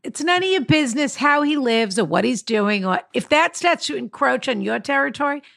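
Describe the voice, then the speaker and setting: A woman's voice: sits high, expressive, brisk, gravelly, a bit bright, no echo, clean studio sound. A middle-aged woman co-hosting a casual advice chat, wry and matter-of-fact. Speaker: advice podcast co-host.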